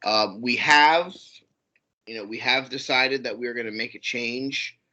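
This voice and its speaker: A man's voice: medium pitch, unhurried, sharp tone, muffled recording. A man co-hosting a casual podcast, reading out rankings like a ring announcer and swearing casually. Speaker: podcast co-host.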